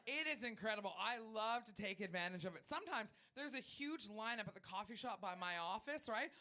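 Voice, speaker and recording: A woman's voice: medium pitch, expressive, a little fast, pushed and bright. A woman with a North American accent performing a brash, crude stand-up set on a comedy club stage. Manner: brash, crude and self-mocking.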